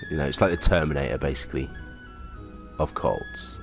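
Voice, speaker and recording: A man's voice: a bass voice, fairly quick. A man hosting a casual let's play at home, rambling and self-mocking with lots of ums. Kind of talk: casual gameplay commentary. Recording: game music underneath.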